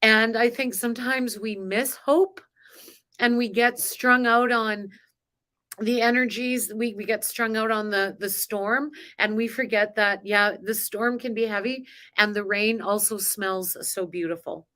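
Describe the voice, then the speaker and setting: Lady doing a spiritual live stream, chatty and emotional, laughs a lot, kinda high voice. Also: steady tone, measured pace, pushed and bright. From grew up on a farm. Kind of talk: casual live-stream talk.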